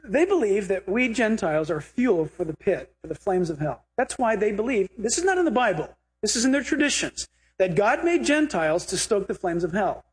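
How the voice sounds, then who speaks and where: High-voiced animated preacher man. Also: brisk, husky. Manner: animated, humorous storytelling with acted quotes. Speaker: pastor and Bible teacher. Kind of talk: sermon.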